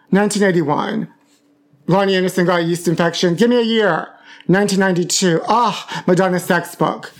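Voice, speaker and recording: A man hosting a celebrity gossip podcast alone, talking in a campy, sassy, theatrical way and calling listeners honey. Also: sits high. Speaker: podcast host.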